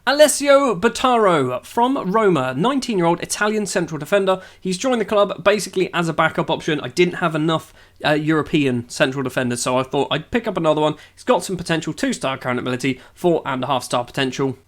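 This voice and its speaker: A man's voice: on the high side, quick pace. A young man casually talking through his football management game, dry and sarcastic. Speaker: gaming YouTuber.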